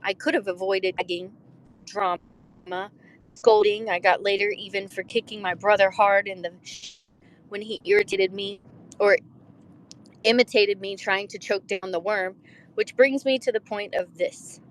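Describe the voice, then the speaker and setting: A woman's voice: mid-range voice, fairly even intonation, unhurried. A woman hosting a book club, reading a book aloud and breaking off into chatty, joking asides.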